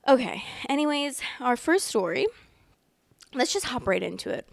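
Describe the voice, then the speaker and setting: A woman's voice: sits high, animated, normal speed, gravelly. A woman hosting a story podcast, chatting casually and reading stories aloud, rambling and apologetic with lots of fillers, sometimes yawning as she talks, close to the microphone. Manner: often yawns while talking.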